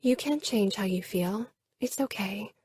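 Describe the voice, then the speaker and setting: A woman voicing a frightened younger sister who speaks softly, almost in a whisper. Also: fairly high pitch, little pitch movement, fairly quick, slight background noise, pitched above the performer's own voice, natural voice. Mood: soothing. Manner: soft, whispering.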